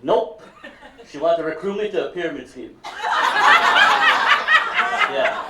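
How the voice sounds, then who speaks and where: A man's voice: a little high, lively intonation, measured pace, highs cut off. Male stand-up, raunchy, loose and rambling; distant mic, echoey venue. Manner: crude, rambling, heavy on "you know what I mean". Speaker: stand-up comedian. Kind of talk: live stand-up set. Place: live comedy venue with audience. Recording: roomy, distant mic, loud background noise.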